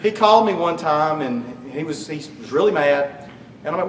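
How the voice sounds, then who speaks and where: A man's voice: fairly high pitch, lively intonation, moderate pace. A middle-aged man giving a eulogy for his father, telling funny stories and joking with the crowd. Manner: warm storytelling, joking with the crowd. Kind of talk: eulogy speech with humorous stories. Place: memorial service hall. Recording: echoey hall from far off, faint hum.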